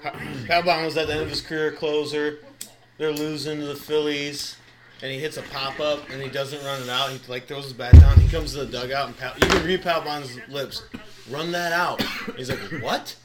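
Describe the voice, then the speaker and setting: A young man tells rowdy stories in casual podcast chat, with frequent swearing and laughter. His voice sits a little high. A murmuring crowd can be heard behind him. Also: level tone, fairly quick.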